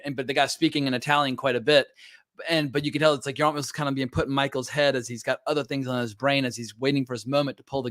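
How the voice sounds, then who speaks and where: A man's voice: mid-range voice, a bit bright, no room sound, clean studio sound. A man hosting a casual film discussion, opinionated, asking questions and breaking off to restart sentences. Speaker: film podcast host.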